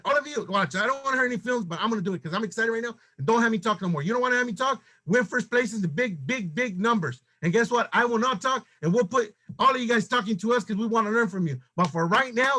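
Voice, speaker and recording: High-voiced man giving an urgent pep talk. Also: expressive, pushed and bright. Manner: urgent, exhorting, rapid-fire rhetorical questions. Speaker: sales team leader. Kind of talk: motivational pep talk to a team.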